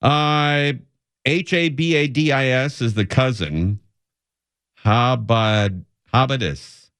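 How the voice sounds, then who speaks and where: A man hosting a talk radio show, reading out a list in a deadpan comic bit and slowly sounding out odd names. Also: medium pitch, clear, resonant tone, no echo, clean studio sound. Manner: deadpan, drawn-out mock pronunciations. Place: radio studio.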